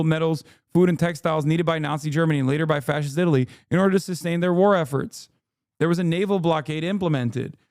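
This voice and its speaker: A man's voice: fairly high pitch, darkish tone, dry recording, clean studio sound. A man hosting a livestream, losing his voice, giving heated, profane and exasperated reaction commentary into a desk mic. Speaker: livestream host.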